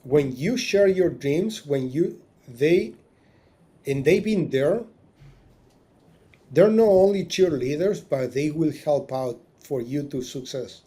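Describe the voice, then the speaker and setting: His voice is on the high side, husky and warm, and he takes his time as he tells his story in a casual podcast interview. The man owns a marina business, and he keeps restarting sentences, acts out dialogue, and gets emotional.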